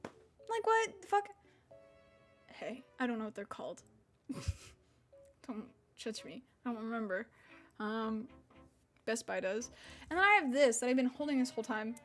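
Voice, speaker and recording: A woman's voice: fairly high pitch, normal speed, pauses often, soft background music. A young woman around twenty from Mississippi, chatting casually on a stream, rambling, swearing and laughing, with an unusual slack-jawed accent. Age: about 20.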